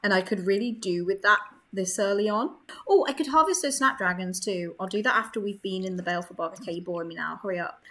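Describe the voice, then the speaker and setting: A young woman chatting excitedly while playing a life-sim game, laughing often. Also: mid-range voice, fast talker. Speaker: gaming creator. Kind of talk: casual gameplay commentary.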